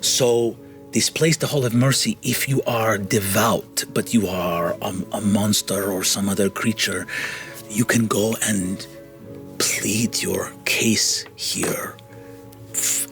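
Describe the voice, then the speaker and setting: A man running a tabletop game as game master, recapping in halting bursts and growing animated over combat. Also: lowish voice, vocal fry, faint music behind. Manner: halting, full of restarts, animated when describing action.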